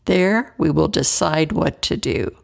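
A woman's voice: low voice, measured pace, vocal fry, full character voice. A woman voicing a male colonial patriot in a story reading, speaking earnestly and persuasively. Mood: urging.

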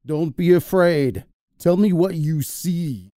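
A man voicing a desperate disguised king who speaks low, urgent and pleading, in an audio drama. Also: takes it slowly, warm tone, no room sound, clean studio sound.

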